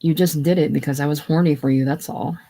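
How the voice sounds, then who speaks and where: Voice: mid-range voice, fairly even intonation, fast, gravelly, mellow. Gloomy, defensive young husband, read by one reader. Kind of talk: casual play reading.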